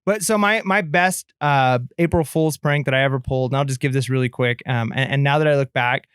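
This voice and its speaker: Smooth-voiced man telling stories. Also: medium pitch, brisk, fairly bright tone, dry recording, studio quality. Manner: rambling, lots of filler and restarts. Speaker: podcast co-host. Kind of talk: casual chat, storytelling.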